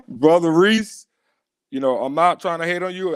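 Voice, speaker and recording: A man hosting a casual podcast, talking loudly with profane, laughing mock outrage and a lot of slang. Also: a little high, expressive, slow pace, pauses often, no echo, studio quality. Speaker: podcast host. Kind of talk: casual live-stream podcast chat.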